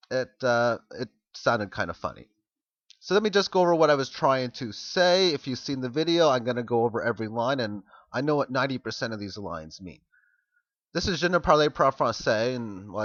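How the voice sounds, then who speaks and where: A man's voice: medium pitch, a bit bright, no echo. Rambling man on a dull lo-fi recording. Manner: rambling, halting, unsure with foreign words. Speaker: video blogger. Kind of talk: casual screen walkthrough commentary.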